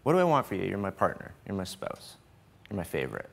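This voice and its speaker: A man in his forties, a guest speaking casually on stage about supporting his wife, easygoing and joking, with thoughtful pauses. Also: low voice, wildly swooping pitch, vocal fry, husky. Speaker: host's husband, guest. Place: studio stage with live audience.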